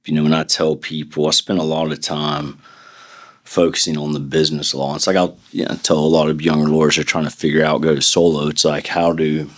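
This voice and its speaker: A very deep-voiced middle-aged man, a defense attorney, talks casually as an interview guest. He tells rambling stories and acts out quotes from the people in them. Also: level tone, a little fast. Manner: rambling anecdotes with acted-out quotes.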